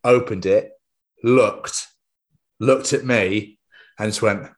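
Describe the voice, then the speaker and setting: A young man telling stories on a podcast with a lowish voice. He chats casually and excitedly, swearing freely as he goes. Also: slow pace. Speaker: podcast co-host. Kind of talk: casual chat.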